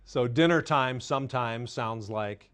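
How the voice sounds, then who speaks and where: This parenting-and-faith presenter keeps a measured pace and smooth delivery for his live studio crowd. His humor is light and self-deprecating, his manner candid, and his voice alternates between booming high points and quiet, low asides.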